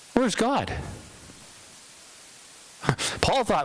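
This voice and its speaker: A male pastor giving a conversational, dramatic sermon in a church, with pauses for effect. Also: fairly high pitch, expressive, poor audio.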